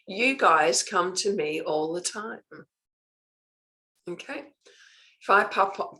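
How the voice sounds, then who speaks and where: An older woman leads a spiritual master class in a fairly low, slightly bright voice, speaking emphatically and stretching out key words slowly. She punctuates her points with "okay." The recording quality is low.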